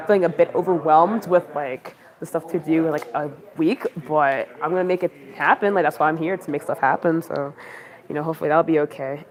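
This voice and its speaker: Her voice sits low with a darkish tone, and she speaks a little fast. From inside a busy campaign office, this woman livestreams on her phone, rambling casually with lots of fillers over background crowd chatter.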